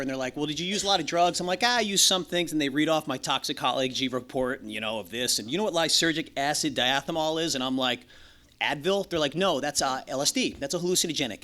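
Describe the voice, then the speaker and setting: In a meeting room, a Los Angeles man shares his personal recovery story as the meeting's speaker. His voice is fairly high, pushed and bright, and he's frank and foul-mouthed, cracking jokes and impersonating others.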